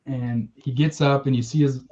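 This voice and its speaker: Excited man retelling a story, lo-fi. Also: medium pitch, normal speed. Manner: enthusiastic, emotional storytelling with swearing. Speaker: podcast co-host. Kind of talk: casual chat.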